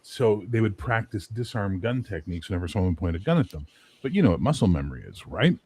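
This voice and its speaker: A man in casual chat, telling profane, animated anecdotes and acting out the people in them. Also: lowish voice, quick pace, breathy edge.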